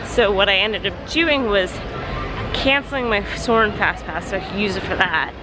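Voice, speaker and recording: A young woman vlogging in a casual, excited way, full of fillers, her voice croaky from just waking up. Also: mid-range voice, normal speed, over music. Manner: chatty, excited, lots of fillers. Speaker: travel vlogger. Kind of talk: casual vlog chat. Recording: noisy outdoor street background.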